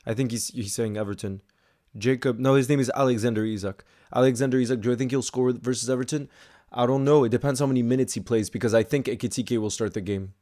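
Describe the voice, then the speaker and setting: A young man chatting casually through a live football watch-along and answering viewer messages, bursting into excited shouts at big moments. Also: medium pitch, quick pace. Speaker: football streamer reacting live.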